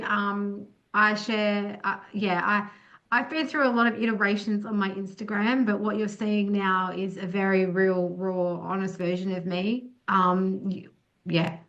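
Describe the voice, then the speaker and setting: Young woman breathwork facilitator, earnest, slightly hoarse, dull lo-fi video call sound. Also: medium pitch. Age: young adult. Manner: earnest, affirming, many restarts. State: losing her voice. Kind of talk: online group session talk.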